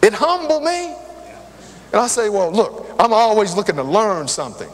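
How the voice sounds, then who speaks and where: In a church hall with long reverb, an older preacher with a high-sitting voice talks at normal speed. Lively and conversational, he tells personal stories and addresses the crowd directly.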